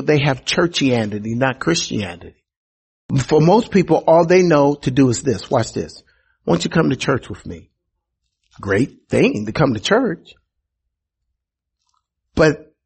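A man's voice: on the high side, vocal fry, darkish tone, slightly rough. A male pastor preaching a sermon, emphatic and repetitive, with teasing asides to the congregation. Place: church sanctuary.

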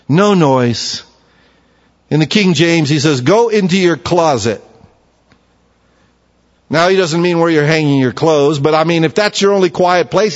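A man preaching a sermon in an earnest, emphatic way, with long pauses, recorded in a church sanctuary. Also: a little high. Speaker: pastor. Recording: dull lo-fi sound with long hall reverb.

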